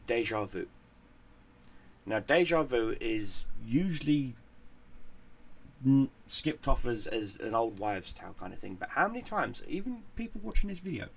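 A man's voice: mid-range voice, creaky, breathy edge. A man hosting a gaming channel, telling a casual story in a profane, rambling way and repeating words as he goes.

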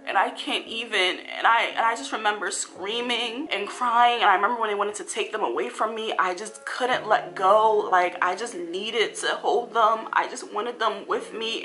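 A woman's voice: medium pitch, bright, forceful tone. Tearful young woman telling her story. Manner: halting, many fillers and restarts. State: tearful, voice breaking. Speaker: vlogger. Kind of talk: emotional personal storytelling.

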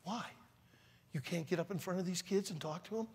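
A man voicing a calm, insistent male friend who speaks low and matter-of-fact. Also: a little fast, husky. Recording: reverberant large hall.

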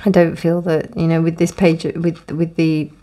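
A woman's voice: deep voice, flat delivery, moderate pace, warm tone. A woman giving a casual tarot reading, rambling with many restarts and fillers. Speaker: tarot reader. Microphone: close, dry room with windows closed.

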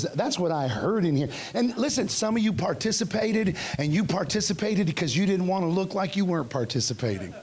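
A middle-aged male pastor preaching a revival sermon, telling stories and acting out his own past outbursts with shouts, in a church. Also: sits high. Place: church sanctuary.

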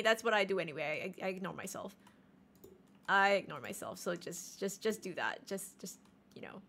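A woman in her late twenties chatting casually on a live stream while she plays, animated, joking and self-mocking. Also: mid-range voice. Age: late 20s. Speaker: game streamer.

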